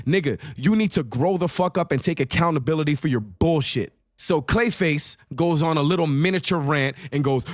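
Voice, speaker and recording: A man's voice: a little high, expressive, moderate pace, few pauses, dry recording, clean studio sound. A man in his thirties telling an angry, profane story and mocking other people by acting out their lines.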